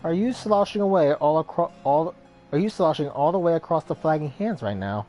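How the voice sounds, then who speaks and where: A polite, formal attendant speaks in old-fashioned courtesies, voiced by a man reading aloud. The tone sits a little higher and louder than the reader's everyday voice. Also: lively intonation, a little fast, soft background music, lightly acted. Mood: courteous.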